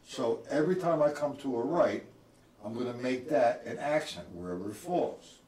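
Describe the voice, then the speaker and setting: A man's voice: mid-range voice, expressive, normal speed, darkish tone. Man teaching drums in a roomy space. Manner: counts beats aloud, quizzes viewers directly. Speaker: drum teacher. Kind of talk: live-streamed drum lesson. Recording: roomy, from a distance.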